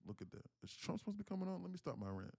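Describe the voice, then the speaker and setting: A man's voice: sits high, big pitch swings, rapid-fire, gravelly, a little mellow, breathy edge, no room sound, clean studio sound. A man in his thirties telling a profane, emphatic story on a day trading livestream, with frequent restarts.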